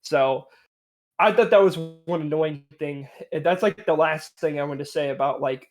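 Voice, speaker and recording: A man's voice: fairly high pitch, moderate pace, faint music behind. A young man co-hosting a casual game review podcast, chatty and rambling, laughing often. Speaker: podcast co-host.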